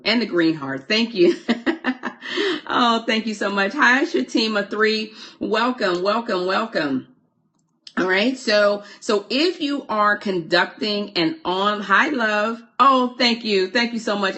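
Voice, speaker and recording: A woman's voice: mid-range voice, fairly bright tone. A woman coaching on a live stream, chatty, stopping mid-sentence to greet and thank viewers, often repeating her words. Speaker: online course coach. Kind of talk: live-streamed teaching while reading viewer comments.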